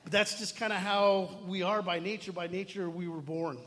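Preaching at a moderate pace, a middle-aged man's slightly high voice echoes with long reverb through a big hall. His sermon is casual and chatty, with frequent restarts and side comments to the congregation.

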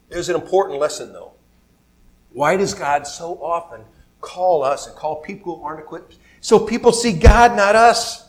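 Guy preaching, high voice, chatty and animated, asks the crowd stuff, does little voices for the bible people. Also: normal speed. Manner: animated, acts out voices of biblical figures; conversational, asks the audience questions. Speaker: pastor. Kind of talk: sermon.

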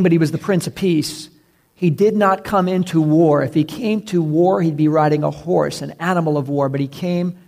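A man preaching from the pulpit in a slightly higher-than-usual voice, with a noticeable gravelly fry. He is emphatic, and his voice sinks low and soft whenever he lands a key word. The delivery is steady and earnest. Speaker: pastor. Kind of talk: sermon.

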